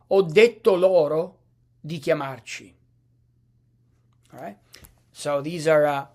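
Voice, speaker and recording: A man teaching a language lesson over slides, speaking slowly with many fillers and restarts. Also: a little high. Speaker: Italian teacher.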